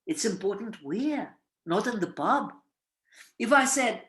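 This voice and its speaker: Woman teaching online, unhurried and sing-song, quizzing students, roomy echo. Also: mid-range voice. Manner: animated, quizzing students with questions. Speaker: English writing teacher. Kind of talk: webinar lecture with students. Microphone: video call.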